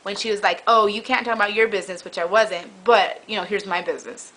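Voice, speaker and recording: A young woman vlogging in casual chat, rambling through an animated story. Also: mid-range voice, quick pace, low-quality recording. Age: young adult.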